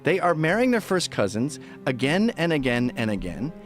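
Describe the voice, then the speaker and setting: Sardonic man with a lively voice. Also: on the high side, normal speed, soft background music. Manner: blunt, sardonic, mimics other people's voices; profane. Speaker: commentator. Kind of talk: casual opinionated chat.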